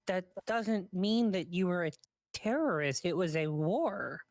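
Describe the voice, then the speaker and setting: Dry, low-voiced woman role-playing. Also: lively intonation, measured pace, a little mellow, no room sound. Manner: reassuring, talks through her character's actions. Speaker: role-play player. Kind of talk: in-character role-play chat.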